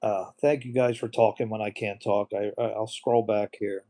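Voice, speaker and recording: Middle-aged male live stream host; warm low-key tone, emotional, reads viewer comments aloud. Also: steady tone, normal speed. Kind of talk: casual live stream chat.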